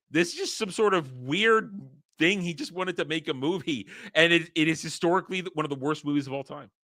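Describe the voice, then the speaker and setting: A man hosting a casual vlog, ranting about a movie in an animated, exasperated way. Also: on the high side. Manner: animated, exasperated, acts out scenes. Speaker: host.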